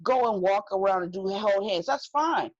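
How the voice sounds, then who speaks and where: A woman's voice: mid-range voice, moderate pace, no echo, muffled recording. A woman from California co-hosting a casual recap podcast, talking in an emphatic, slangy way and handing out blunt advice. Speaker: podcast co-host.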